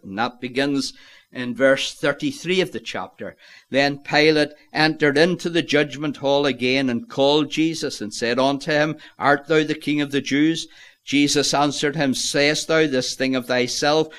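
A man preaching a solemn sermon, swelling loud on key words and dropping low at the ends of phrases.

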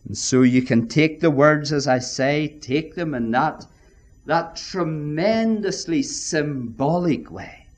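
A man preaching a sermon, emphatic and deliberate, often addressing his listeners as friends. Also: on the high side, expressive.

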